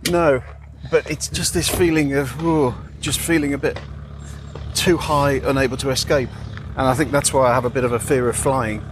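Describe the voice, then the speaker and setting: Male co-host, relaxed and agreeable, clear road noise under him. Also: medium pitch, moderate pace. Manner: easygoing, agreeable, hesitant fillers. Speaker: podcast co-host. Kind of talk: casual chat on a drive. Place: in a car.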